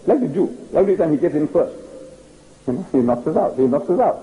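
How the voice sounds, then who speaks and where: An older man from South Africa giving a storytelling lecture, animated and emphatic, often repeating key phrases. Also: sits high, a little fast, pauses often, rough recording.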